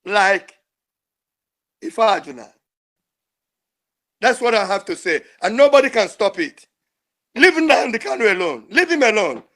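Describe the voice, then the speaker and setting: A man's voice: high voice, very animated, measured pace, long pauses, a bit bright. An older man, calling in to a show and speaking in an emotional, pleading, repetitive way. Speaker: caller. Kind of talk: impassioned call-in speech.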